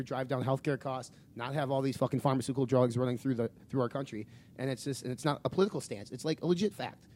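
A man's voice: medium pitch, warm tone. A man co-hosting a casual podcast, talking bluntly and swearing while giving strong opinions. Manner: blunt, profane, fast opinionated talk. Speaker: podcast co-host.

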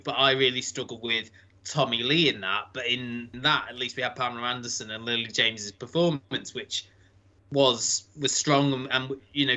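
A man's voice: medium pitch, sharp tone. A man hosting a podcast, chatting casually and rambling through reviews with frequent self-corrections. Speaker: podcast host.

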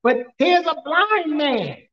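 A pastor with a high voice delivers a slow, sing-song sermon, mixing humorous stories and frequent laughter with shouted questions to his congregation. The roomy, slightly muffled sound suggests it was recorded from the back of a church.

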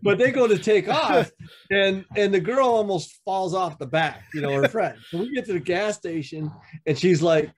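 With lively intonation and at a normal speed, a veteran biker club member spins casual stories on a podcast. He curses freely and performs other people's dialogue, changing his pitch for each voice.

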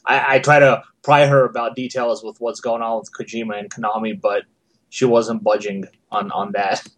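Relaxed man telling a story on a podcast. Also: on the low side, moderate pace. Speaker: podcast guest. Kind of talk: casual podcast chat.

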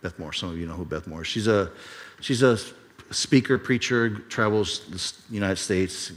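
A man's voice: fairly low pitch, normal speed, husky. Conversational male pastor in a reverberant sanctuary. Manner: conversational, many restarts. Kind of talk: sermon storytelling. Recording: long reverb of a large hall.

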